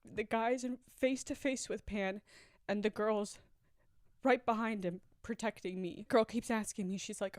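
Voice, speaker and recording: A woman's voice: mid-range voice, steady tone, a little slow, dry recording, studio quality. A woman telling her own story in a candid, reflective way and laughing nervously at moments. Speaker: storyteller sharing a personal story. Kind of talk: confessional personal storytelling.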